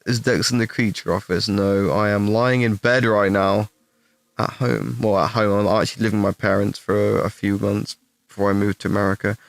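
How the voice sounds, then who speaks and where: A young English man answering chat questions on a stream in casual, rambling talk, swearing freely and putting himself down, with a fairly deep voice. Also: flat delivery, moderate pace, gravelly, no room sound. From England. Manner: rambling, swears a lot, self-deprecating.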